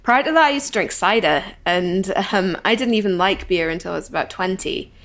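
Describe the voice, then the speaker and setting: A woman's voice: mid-range voice, lively intonation, brisk, a bit bright. A woman in her twenties from North East England, speaking frankly as an interview guest in a posh Geordie accent with a Scottish tinge, laughing often. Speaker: guest brewer. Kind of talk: interview conversation.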